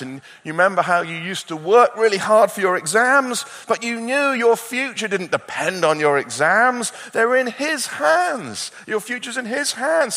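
Man, preacher, sermon, fairly high voice, animated, long hall reverb. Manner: animated, swings from loud urgency to quiet intensity.

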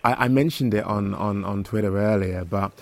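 A man's voice: lowish voice, normal speed, dry recording. A man co-hosting a podcast in casual chat, easygoing and supportive as he chimes in. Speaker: podcast co-host.

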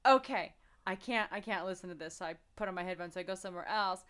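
Rambling, expressive woman podcaster. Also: fairly low pitch, fast, clean tone. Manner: rambling and expressive, with many restarts and slangy asides. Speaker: podcast co-host. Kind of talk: casual chat.

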